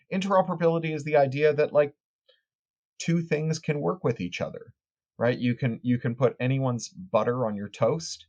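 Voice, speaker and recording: A man's voice: medium pitch, darkish tone. A man, an author and tech critic, answering podcast interview questions in long, articulate explanations with frequent small restarts.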